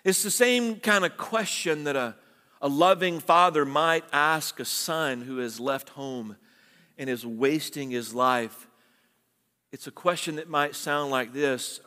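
A man preaches to his congregation in a slightly raised voice, unhurried and earnest, pressing his points with rising emphasis. His words carry a long reverb from a church sanctuary. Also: fairly high pitch, bright, forceful tone. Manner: earnest, exhorting, rises with emphasis. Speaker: pastor. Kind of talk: sermon.

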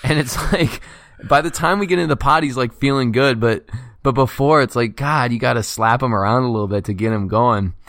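A man co-hosting a casual podcast, reading out listener write-ins quickly and joking with his co-host. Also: medium pitch, fairly bright tone, dry recording, clean studio sound.

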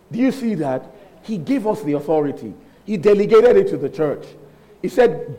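A man preaching a sermon, emphatic and animated, repeating lines for effect and acting out dialogue. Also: high-pitched, normal speed, low-quality recording.

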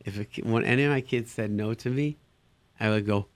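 A man, a therapist, giving parenting advice in a lively advice talk, acting out incredulous reactions and using Yiddish words. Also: a little fast, no room sound. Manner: animated, acts out incredulous reactions with sudden jumps in pitch. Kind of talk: advice talk answering listener questions.

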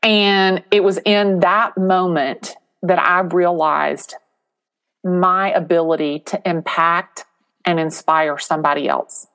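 Middle-aged female agent, expressive storyteller, slightly low voice. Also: slow pace. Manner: animated storyteller, acts out quoted voices. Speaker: real estate agent, guest. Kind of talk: interview storytelling.

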